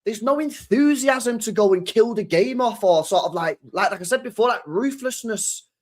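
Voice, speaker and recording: A young man reacting live to a football match on his stream, excitable and sweary, repeating his lines. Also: high-pitched, normal speed.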